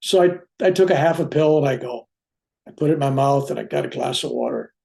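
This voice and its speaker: A reverend telling a personal spiritual story, acting out what people said along the way. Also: male voice, mid-range voice, quick pace, gravelly. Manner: animated, acts out dialogue in his own voice. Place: room at home with a bookcase.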